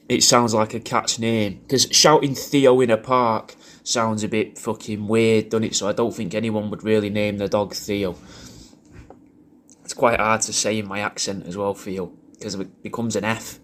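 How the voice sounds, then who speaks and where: A man's voice: fairly low pitch, flat delivery, measured pace, a bit bright, a little hiss or hum. A man talking in a crude, rambling way, recording a personal video message full of swearing and restarts. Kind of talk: casual rambling monologue.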